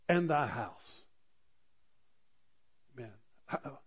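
Preacher man swinging loud to soft. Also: a little high, animated, slow pace, pauses often, slightly rough. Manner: rises loud on scripture readings, drops to soft asides; repeats words and restarts often. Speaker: pastor. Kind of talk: sermon.

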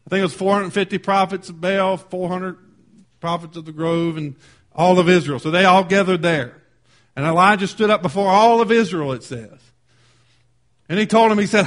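A man preaches with a voice sitting a little above the usual male range. He is emphatic, rising to loud declarations and then dropping to a hushed tone to read scripture aloud. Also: high-pitched, normal speed. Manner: reads old scripture wording aloud. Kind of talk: sermon retelling a scripture story.

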